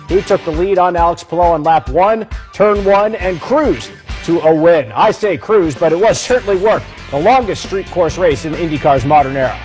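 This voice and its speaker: A man delivering a TV sports news report in a lively, punchy way. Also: a little high, normal speed, soft background music. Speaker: sports anchor.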